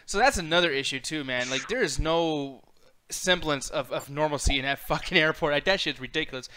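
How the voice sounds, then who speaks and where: A man's voice: a little high, brisk, sharp tone, smooth. A man co-hosting a casual chat, swearing freely and talking loosely.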